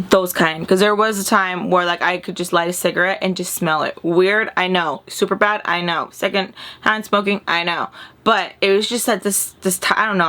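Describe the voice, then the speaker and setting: A young woman vlogger telling a long personal story in casual chat, candid and animated, swearing freely and acting out what others said. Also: medium pitch.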